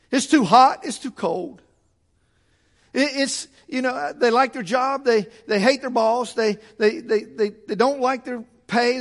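A man preaching a sermon in a church, building his points through fervent repetition. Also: extremely high pitch. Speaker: pastor. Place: church sanctuary.

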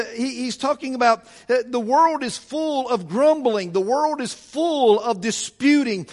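A man preaching a sermon in a church, building his points through fervent repetition. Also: extremely high pitch. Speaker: pastor. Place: church sanctuary.

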